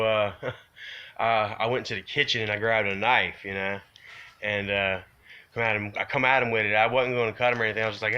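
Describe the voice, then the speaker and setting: A man's voice: medium pitch, a little fast, pushed and bright, smooth, muffled recording. A man telling a personal story to camera in a rambling, confessional way, full of "you know" and "man", his voice rising and straining as remorse comes through.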